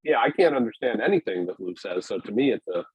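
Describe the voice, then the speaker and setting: A man's voice: lowish voice, expressive, fast, breathy edge, no room sound. A man in a casual interview on a video call, talking in a rambling, hesitant way with many restarts. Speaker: podcast guest, weightlifting media founder. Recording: dry, tinny phone-like call audio.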